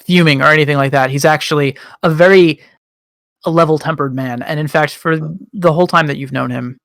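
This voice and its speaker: A man narrating a tabletop game as game master in a relaxed way, pausing often. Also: fairly high pitch, dry recording, studio quality. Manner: relaxed, with frequent ums and pauses.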